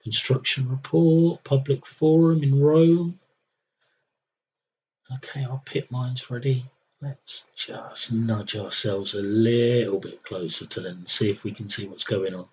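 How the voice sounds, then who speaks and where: A man's voice: mid-range voice, steady tone, measured pace, darkish tone, lo-fi sound, a little hiss or hum. A man streaming a strategy game, talking to himself in a wry, rambling, self-mocking way. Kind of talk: rambling live-stream commentary.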